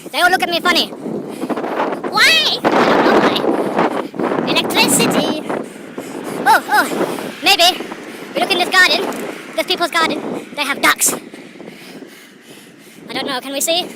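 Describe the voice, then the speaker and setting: A woman's voice: extremely high pitch, animated, measured pace, pauses often. A woman playing a comic Zulu character with a put-on Zulu-English accent, out of breath while cycling a country road and chattering in exclaiming broken English. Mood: breathless. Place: outdoors on a bicycle on a country road. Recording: loud wind and road noise outdoors.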